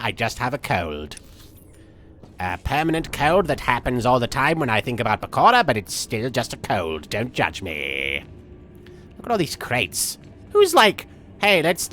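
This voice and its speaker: A man's voice: mid-range voice, bright, forceful tone. A man playing a manic, childish villain who rambles and jumps between jokes while streaming a game, sniffling from a cold. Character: manic goofy male villain, childish and gleeful. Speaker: livestream gamer. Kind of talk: live game-stream commentary in character.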